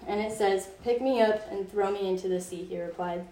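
Leading youth Bible study, a young woman chats her way through a story, leaning heavily on "like." She has a mellow, medium-pitched voice and talks a little fast, and the far-off mic picks up an echoey room.

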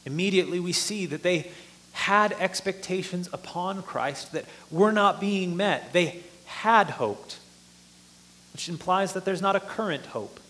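A man's voice: sits high, moderate pace, fairly bright tone. A man preaching a sermon, explaining a passage earnestly and rising in force for emphasis.

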